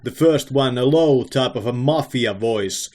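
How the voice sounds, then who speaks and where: A man casually explaining and demonstrating a microphone in a product video. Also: mid-range voice. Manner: slow, relaxed, plainly explaining.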